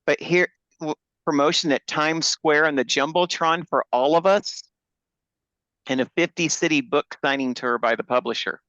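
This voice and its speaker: A man's voice: on the high side, moderate pace, sharp tone, no room sound. A man hosting a book launch on a video call, talking enthusiastically with fillers and restarts. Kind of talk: Zoom presentation. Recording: dull lo-fi video call audio.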